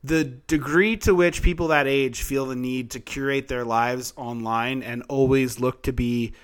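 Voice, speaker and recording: A man with a mid-range voice, talking casually on a podcast. He gives his opinions in a relaxed, conversational way. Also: medium pitch, a little slow, clean tone. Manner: opinionated, conversational, mild swearing. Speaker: podcast co-host. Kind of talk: casual chat.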